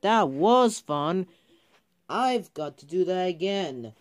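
A man voicing a cheeky, boastful young male engine in a homemade story, with playful, excited cheers. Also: high-pitched, slow pace.

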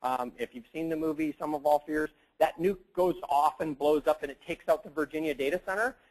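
A man's voice: fairly high pitch, fairly quick, breathy edge, low-quality recording. A man giving a casual, joking conference talk, rambling with lots of fillers and asides. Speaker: conference presenter.

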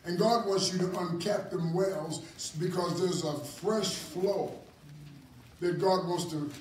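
A man's voice: high voice, slow, slight background noise. Preaching man, echoey far-off hall recording. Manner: animated, repeats words, chuckles often. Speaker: apostle teaching a ministry class. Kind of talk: preaching Bible class sermon. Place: church hall.

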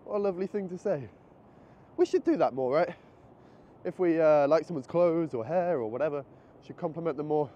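A man vlogging on a handheld camera as he walks city streets and stops in a shop, chatting excitedly and thinking aloud. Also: on the high side, fairly quick. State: a bit out of breath. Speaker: travel vlogger. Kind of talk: casual vlog narration while walking. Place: city streets outdoors and a convenience store. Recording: muffled outdoor camera audio with street noise.

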